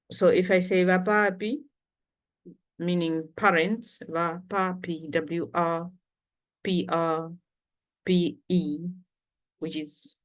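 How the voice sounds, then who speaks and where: Slow, patient woman teaching a language. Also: lowish voice. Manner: slow, patient, repeats words for learners. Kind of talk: casual language lesson.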